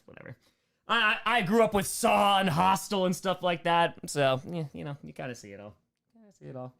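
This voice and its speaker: A young man from New York chats casually through a live Q&A, thanking donors in quick bursts. His voice swings lively up and down as he riffs. The talk stays loose and upbeat. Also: a little high. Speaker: livestream host answering superchats.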